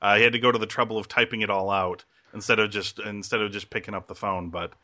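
A man with a bright, forceful voice chats loosely on a podcast. He rambles, restarts his sentences and laughs often. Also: on the low side, level tone, fast talker. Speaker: podcast host. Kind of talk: casual chat.

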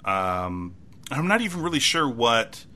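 A man's voice: mid-range voice, very animated, unhurried, pushed and bright. A man co-hosting a casual TV recap podcast, rambling and self-mocking with many restarts. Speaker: podcast co-host.

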